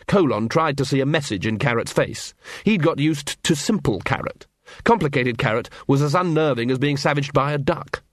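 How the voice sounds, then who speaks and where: A man narrating a comic fantasy audiobook in a wry, expressive storytelling manner. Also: mid-range voice, normal speed, no echo, clean studio sound.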